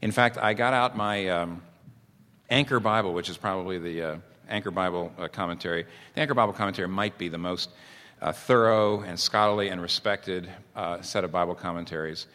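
A man preaching a sermon as pastor, earnest and animated, acting out little stories as he goes. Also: sits low, fairly quick, in a large hall.

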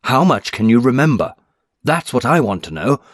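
A man reading aloud voices a stern, brisk male doctor who speaks firmly and insistently. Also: medium pitch, very animated, dry recording, clean studio sound, pitched above the performer's own voice. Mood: stern, probing.

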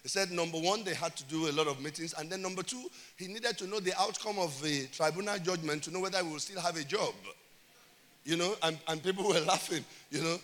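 Male pastor, high bright voice, emphatic sermon with call-and-response, reverberant church hall. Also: brisk.

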